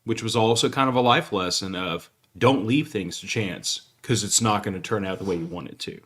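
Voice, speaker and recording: Guy on a podcast, lowish voice, blunt and opinionated, casual chat. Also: fairly quick, a bit bright. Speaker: podcast co-host.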